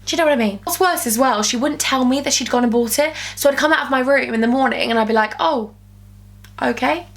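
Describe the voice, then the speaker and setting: Young woman vlogging in her bedroom, high voice, chatty and gossipy, bit of a sore throat. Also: quick pace. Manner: animated, gossipy, jumps to high squeals when quoting. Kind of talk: storytime vlog.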